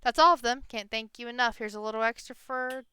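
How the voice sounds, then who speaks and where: A woman's voice: a little high, fairly even intonation, fairly quick, sharp tone, clean tone, no echo. A woman voicing a friendly, folksy cowboy horse rancher.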